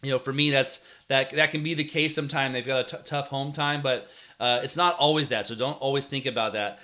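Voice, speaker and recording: An earnest man, likely in his thirties, gives coaching advice in a relaxed, chatty way. His voice is bright and forward, with a middle pitch. He often restarts his sentences and sometimes acts out how he used to yell at his players. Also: fairly quick. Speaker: youth sports coach and show host. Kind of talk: casual advice talk.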